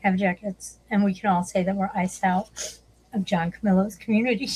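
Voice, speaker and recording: A woman's voice: medium pitch, fairly even intonation, moderate pace, a little mellow, slight background noise, poor audio. Profane chatty woman streamer. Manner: profane, chatty, laughs often. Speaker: livestream host. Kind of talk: casual livestream chat.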